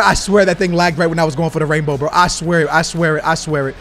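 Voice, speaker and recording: Chatty gaming YouTuber, slightly high voice. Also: male voice, normal speed, fairly bright tone, soft background music. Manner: chatty, addresses viewers as lads and bro. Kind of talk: casual gameplay commentary.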